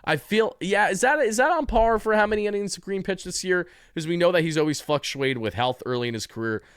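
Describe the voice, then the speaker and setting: A man's voice: high voice, animated, fairly quick, clear, resonant tone, dry recording, studio quality. A man hosting a sports channel, giving opinionated commentary in a conversational way and correcting himself mid-sentence.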